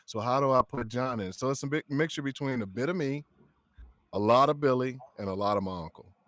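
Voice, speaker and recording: A man, a voice actor guest, chatting on a livestream and telling lively stories with frequent laughs. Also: medium pitch, fairly quick, no room sound. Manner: animated storyteller, laughs often. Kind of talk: casual livestream chat.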